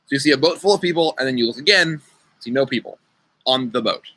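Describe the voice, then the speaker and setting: Over a video call, a young youth-group leader runs a riddle game, chatting casually and playfully and calling on kids by name. His mid-range voice is fast, pushed, and bright, picked up by a computer mic in a rough recording.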